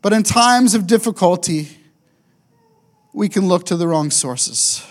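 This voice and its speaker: A man preaching a sermon as a pastor, emphatic and deliberate, slowing down to repeat key phrases. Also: high voice, expressive.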